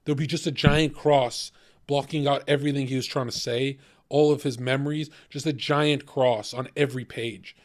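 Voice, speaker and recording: A man's voice: mid-range voice, fairly even intonation. A man hosting a livestream, mocking his guests with crude, sarcastic commentary. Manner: sarcastic, crude, quick to mock. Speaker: livestream host.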